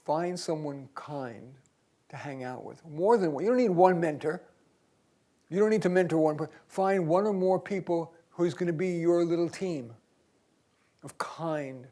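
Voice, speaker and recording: An older man leads a seminar in a university auditorium with a voice pitched a little high for a man. He talks in a conversational, emphatic way, dropping to soft asides and then pushing key points out loud. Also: measured pace. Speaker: career coach leading a seminar. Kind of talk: lively seminar talk.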